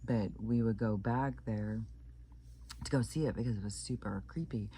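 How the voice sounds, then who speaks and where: This man, a channel host from Kansas, United States, is loosely telling a creepy anecdote with lots of fillers and restarts. His warm voice is on the low side and moves at normal speed, and the recording carries a little hiss or hum.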